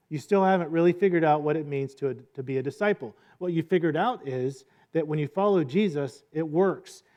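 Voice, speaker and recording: Male pastor preaching in a relaxed, talky style with a slightly high voice. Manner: conversational, asks "right?" often, acts out quotes. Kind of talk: sermon.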